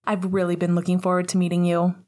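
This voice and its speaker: A woman's voice: fairly low pitch, monotone, fast talker, a little mellow, natural voice. A woman voicing a friendly, eager young male hockey player with a hearty way of talking.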